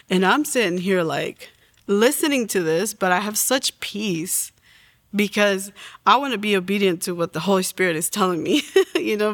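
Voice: mid-range voice, a bit bright, dry recording. An adult in their forties telling a personal faith story in an earnest way, acting out the lines they quote. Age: 40s. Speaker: testimony guest.

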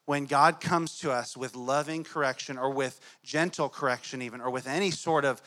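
A man's voice: mid-range voice, moderate pace, bright, forceful tone. A man, likely a father in his thirties, preaching a conversational sermon to his congregation and weaving in stories about his young children. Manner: conversational, tells family stories. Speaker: pastor.

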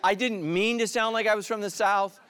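A middle-aged male pastor from California giving a sermon, full of jokes and stories, who drops to a hushed voice for emphasis. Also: high-pitched, fairly even intonation, normal speed, clear, resonant tone, dry recording. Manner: humorous storytelling, drops to hushed tones for emphasis.

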